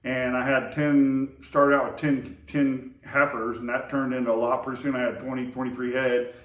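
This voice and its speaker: Remembering his brother, a man from the Oklahoma-to-Texas area spins loose, rambling memories full of fillers and false starts in an ordinary middle-pitched voice. The mic sits at a distance, catching the echo of the room.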